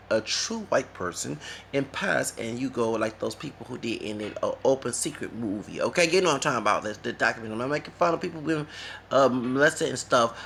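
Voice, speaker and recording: Gravelly man ranting on a vlog. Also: medium pitch, a little hiss or hum. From United States. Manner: rambling, keeps asking "okay?"; mocking, animated. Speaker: vlogger. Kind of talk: casual rant to camera.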